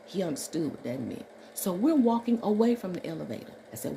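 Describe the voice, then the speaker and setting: Woman from Alabama, nurse, storytime vlog, warm mellow voice, emphatic, faint background hiss. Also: lowish voice, brisk, creaky. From Alabama, USA. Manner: animated, emphatic, acts out dialogue. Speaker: registered nurse telling a story.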